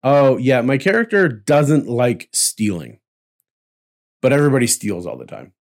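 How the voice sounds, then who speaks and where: A man hosting a casual chat about tabletop roleplay, chatty and quick to laugh. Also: medium pitch, big pitch swings. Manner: chatty, laughs often, slips into playful voices. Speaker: podcast host, dungeon master.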